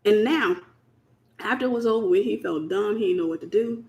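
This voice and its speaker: A woman hosts a casual Christian teaching talk at a mid-range pitch. She speaks in an emphatic, colloquial way and hammers home her points by repeating phrases. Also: brisk, a little mellow. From United States. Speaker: host.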